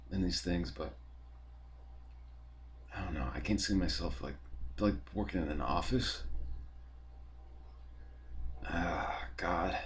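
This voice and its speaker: A man's voice: low-pitched, darkish tone, slight background noise. A young man, talking in a rambling, profane, casual monologue full of fillers as a podcast host.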